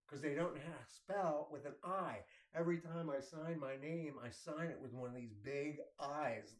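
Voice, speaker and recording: A man's voice: on the high side, normal speed, hardly any pauses. A man telling rambling personal stories in a casual way, often repeating words and laughing as he talks. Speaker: storyteller. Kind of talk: casual storytelling. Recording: roomy echo.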